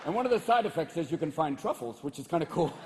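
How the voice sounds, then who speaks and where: Wild stand-up guy, high jumpy voice, swearing a lot, noisy live crowd. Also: expressive, fast, in a large hall. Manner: manic, swearing, leaps into voices. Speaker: stand-up comedian. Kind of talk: stand-up comedy.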